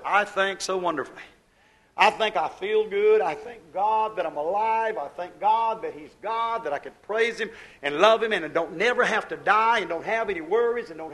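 A man preaching a sermon, folksy and exuberant, swinging from hushed asides to shouted praise. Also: sits high, moderate pace, poor audio. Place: church service.

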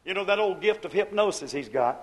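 A man preaching a sermon, folksy and exuberant, swinging from hushed asides to shouted praise. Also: high-pitched, expressive, a little fast, poor audio. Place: church service.

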